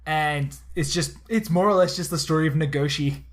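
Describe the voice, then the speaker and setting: A man with an Australian accent co-hosting a casual podcast chat, talking quickly and excitedly with lots of restarts. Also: a little high. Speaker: podcast co-host.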